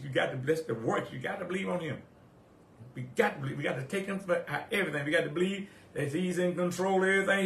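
A man preaches a sermon in a church sanctuary. His voice is bright and pointed, sits a little high for a man, and rings through a reverberant room. He repeats phrases over and over, and the volume climbs whenever he quotes old-style scripture. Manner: swings between quiet reflection and loud rising exhortation.

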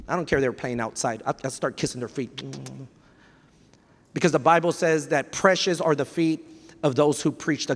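High-voiced preaching man, echoing church. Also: fairly bright tone. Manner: emphatic, repetitive preaching that mixes in Spanish phrases; direct, exhorting, with playful asides. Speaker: pastor. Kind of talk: sermon. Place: church sanctuary. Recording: long reverb of a church hall.

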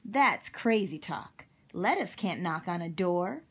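A woman's voice: fairly low pitch, expressive, takes it slowly, a bit bright, slightly rough, full character voice. A woman doing a blunt, drawling cowboy. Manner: drawling, plain-spoken, says ain't and dang. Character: blunt folksy cowboy man. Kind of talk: storybook read-aloud.

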